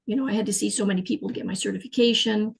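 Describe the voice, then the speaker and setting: A middle-aged woman, telling her life story as an interview guest in an animated, emotional way. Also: mid-range voice, racing, gravelly, husky, poor audio. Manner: animated, emotional, frequent fillers and restarts. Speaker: guest, clairvoyant healer.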